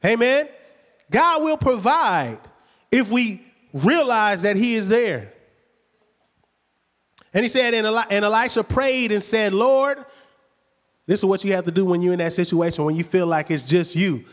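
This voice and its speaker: A man preaching a sermon, retelling the story lively and conversationally with rhetorical questions. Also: high-pitched, moderate pace. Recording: long hall reverb.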